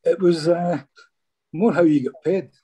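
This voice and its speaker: A man's voice: fairly high pitch, unhurried, warm tone, slightly rough. A Scottish former footballer, a man, chatting casually in an interview and telling rambling stories, often saying "mate". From Scotland.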